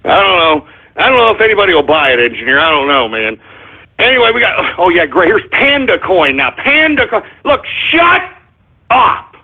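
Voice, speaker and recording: A gravelly, husky man hosting an internet radio show, pitched high and swooping all over the place. He rants in a comic, exasperated way, dropping to a mutter and then shouting. The sound is tinny and phone-like. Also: sing-song, fairly quick. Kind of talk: comedic ranting radio monologue.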